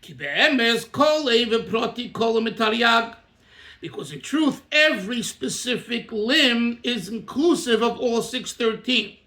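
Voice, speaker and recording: A man's voice: very high-pitched, animated, a little slow, pushed and bright, reverberant. A man, a rabbi, teaching a text by reading Hebrew lines and explaining them in English. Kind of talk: Torah class, reading and translating a text.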